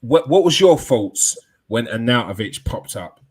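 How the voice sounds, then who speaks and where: A man's voice: mid-range voice, very animated, unhurried, slightly rough. A man hosting a fan podcast, steering the talk between panelists.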